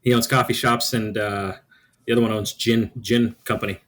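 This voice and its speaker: A man's voice: fairly low pitch, steady tone, a bit bright. Easygoing man in his late twenties. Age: late 20s. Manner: halting, easygoing, with many filler "uh"s. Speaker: podcast guest. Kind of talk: casual podcast chat.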